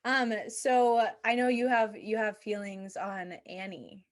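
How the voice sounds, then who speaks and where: A woman at an ordinary middle pitch hosting a podcast. She nudges her guest along in a friendly, upbeat way during a relaxed chat. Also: takes it slowly. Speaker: podcast host. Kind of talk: casual chat.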